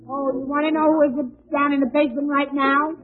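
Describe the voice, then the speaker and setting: An actor playing a flustered, bumbling husband who stammers and laughs nervously, in 1940s radio acting. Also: male voice, very high voice, level tone, brisk. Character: flustered bumbling husband caught out, adult man. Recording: tinny old radio broadcast.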